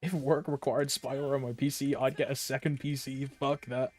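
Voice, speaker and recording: A man's voice: mid-range voice, little pitch movement, normal speed. A young man from Britain, chatting casually on a game stream, rambling with lots of fillers and humming to himself. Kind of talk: casual live-stream chat.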